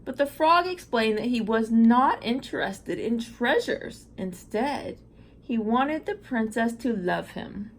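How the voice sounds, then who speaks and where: A woman's voice: fairly high pitch, animated, slow pace. A woman reading fairy tales aloud to viewers, breaking off for chatty asides and reactions. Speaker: storyteller.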